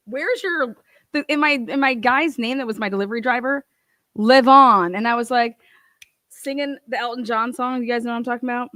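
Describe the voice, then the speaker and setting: Heated young woman, storytime rant, lots of swearing, dry high voice. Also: moderate pace, a bit bright, dry recording. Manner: profane, heated ranting with laughs. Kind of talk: ranting storytime.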